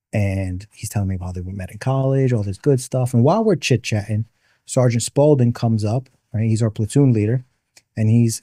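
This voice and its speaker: A man's voice: fairly low pitch, dark tone, no echo, clean studio sound. Bronx-bred man telling a war story. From the Bronx, New York. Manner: vivid narrator who explains terms patiently. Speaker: podcast guest, military veteran. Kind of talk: animated personal storytelling.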